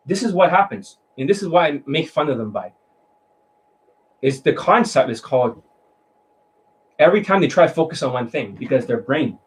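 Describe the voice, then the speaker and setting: Profane, mocking dating coach. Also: male voice, on the high side, rough recording. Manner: mimics voices to demonstrate. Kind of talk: coaching monologue.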